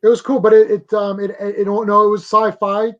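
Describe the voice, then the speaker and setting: A man with a higher-pitched voice co-hosts a casual podcast, talking eagerly and restarting his sentences often. His audio sounds dull and lo-fi. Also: level tone, fairly quick, fairly bright tone. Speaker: podcast co-host. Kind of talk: casual chat.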